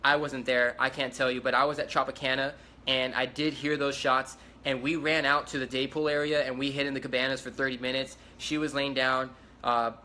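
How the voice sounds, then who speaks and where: A man's voice: mid-range voice, flat delivery, brisk, pushed and bright, slight background noise. A young man giving a rambling, repetitive eyewitness account in a casual livestream. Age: young adult. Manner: rambling, repetitive, urgent retelling. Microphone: phone livestream.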